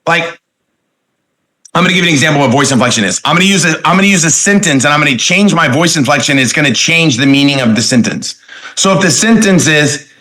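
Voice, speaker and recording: Emphatic man training salespeople, bright voice. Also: mid-range voice, poor audio. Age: 40s. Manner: emphatic, with many rhetorical questions; plays with inflection, stretching key words. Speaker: network marketing speaker trainer. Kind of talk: motivational training talk.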